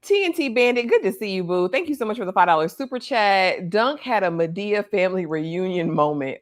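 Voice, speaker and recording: Animated slangy woman reviewing a show. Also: medium pitch, fairly quick, hardly any pauses. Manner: animated, slangy, acts out scenes. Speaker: co-host. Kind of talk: casual livestream show review.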